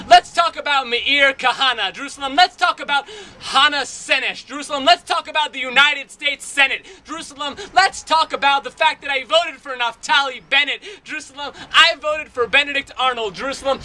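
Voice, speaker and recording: A man's voice: extremely high pitch, sharp tone, slight background noise, rough recording. A man performing spoken word poetry in a wry, rhythmic way, repeating a refrain, recorded outdoors in a city. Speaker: poet.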